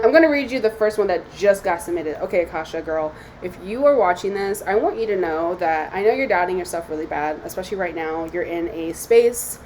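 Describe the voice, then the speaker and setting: A woman's voice: fairly low pitch, a little mellow, a little hiss or hum, poor audio. Candid, tearful young woman vlogging. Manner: candid and tearful, swearing freely. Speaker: psychic medium and vlogger. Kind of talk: emotional self-talk vlog.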